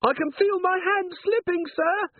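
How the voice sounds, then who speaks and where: A woman's voice: extremely high pitch, measured pace, no room sound, pitched above the performer's own voice. A man voicing a nervous young female dwarf corporal who talks meekly and apologetically. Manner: meek, apologetic, polite. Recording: tinny phone-like, dry.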